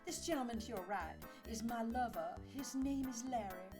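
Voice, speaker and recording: A woman's voice: fairly high pitch, moderate pace, over music, voice pushed up, close to an everyday voice. A woman voicing a glamorous woman lounge pianist in a game, gushing and showing off. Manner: breathless, gushing fan talk.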